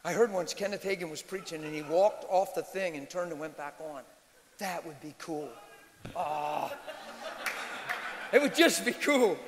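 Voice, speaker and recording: A high-pitched man delivers a sermon in a church hall, his voice trailing off in a long reverb. He shifts from quiet, intimate storytelling to shouted, animated exhortation. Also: moderate pace, noisy background. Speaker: pastor.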